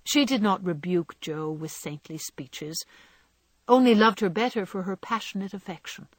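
Breathy woman reading a classic novel. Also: mid-range voice, lively intonation, normal speed, no room sound. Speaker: audiobook narrator. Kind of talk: scripted novel narration.

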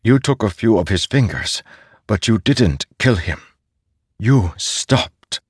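A man reading an audiobook and voicing a weary, grieving male warrior in a quiet, solemn way. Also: lowish voice, lively intonation, slow pace, breathy edge, no echo, studio quality, pitched above the performer's own voice, exaggerated voice.

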